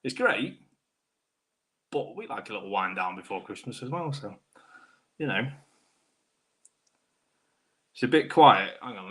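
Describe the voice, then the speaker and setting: Brief: British male host, bright lower voice, casual banter, slightly rough throat. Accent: British English. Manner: chatty, matey banter, greets viewers by name. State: throat trouble, clearing throat. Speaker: host of live Q&A stream. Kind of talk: casual live-stream chat reading comments.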